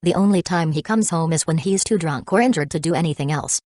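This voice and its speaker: A woman reading a calm, icy teenage brother. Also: deep voice, quick pace, no room sound, studio quality. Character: cool-headed teenage older brother.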